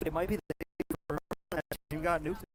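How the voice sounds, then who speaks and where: A man live-streaming from a city street, chatting casually in relaxed slang. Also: on the high side, brisk. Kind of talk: casual street livestream chat. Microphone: portable streaming mic. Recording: street traffic noise. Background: street traffic noise.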